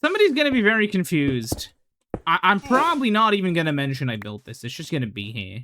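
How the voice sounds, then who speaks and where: A man's voice: fairly high pitch, sing-song, fast, bright, forceful tone, slight background noise. A man casually commenting while he plays a game, rambling with lots of fillers and the odd swear. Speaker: gaming channel host.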